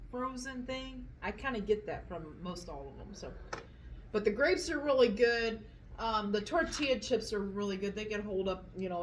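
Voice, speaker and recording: A woman of medium pitch hosts a casual eating vlog, chatting at the dinner table at home. She rambles with fillers while eating, and the poor audio has slight background noise.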